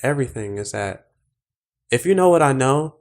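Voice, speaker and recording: A man's voice: mid-range voice, expressive, normal speed. A man hosting a podcast, talking in an earnest, reflective way that speeds up when he gets stirred. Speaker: podcast host. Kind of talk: casual conversation.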